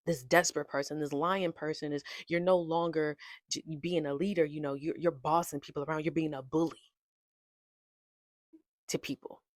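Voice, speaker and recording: A woman's voice: low-pitched, fairly even intonation, normal speed, no room sound, clean studio sound. A young adult woman hosting her own podcast, talking in a chatty, playful way and laughing often. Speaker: podcast host. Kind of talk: casual chat.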